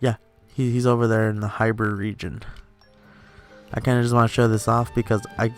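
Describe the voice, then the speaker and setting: Joven youtuber divagando sobre un juego. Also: male voice, fairly low pitch, flat delivery, fairly quick, faint music behind. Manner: rambling, lots of fillers and laughs. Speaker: let's play host. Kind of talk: casual gaming commentary. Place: home room.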